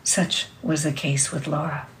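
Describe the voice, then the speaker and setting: A woman reading a novel aloud in a measured, expressive way. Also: low voice, recorded from a distance, a little hiss or hum, low-quality recording. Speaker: reader.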